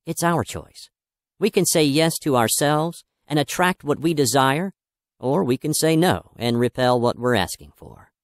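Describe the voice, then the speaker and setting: Lively, upbeat male audiobook narrator. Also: fairly high pitch, unhurried, no echo, clean studio sound. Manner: upbeat, emphatic and encouraging. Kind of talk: scripted self-help audiobook narration.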